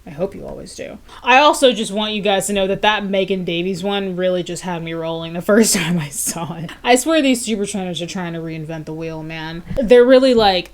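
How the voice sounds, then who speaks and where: A woman's voice: medium pitch, brisk, hardly any pauses. A young woman, a personal trainer, chatting casually to camera with frequent laughs and fillers. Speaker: fitness YouTuber, personal trainer. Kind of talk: casual vlog chat to camera.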